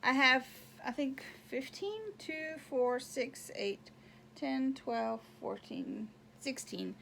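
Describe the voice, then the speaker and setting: A woman's voice: sits high, slow pace, creaky, fairly bright tone, slight background noise. A woman hosting a knitting video podcast, chatting casually and rambling as she shows off her projects and counts squares aloud. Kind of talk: casual show-and-tell chat.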